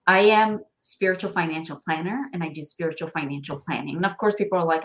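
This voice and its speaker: A woman's voice: fairly low pitch, fast, hardly any pauses. Chatty middle-aged woman, laughs a lot, acts out what people said to her. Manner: expressive, laughs often, acts out quoted dialogue. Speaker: guest, financial planner. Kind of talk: animated conversational interview.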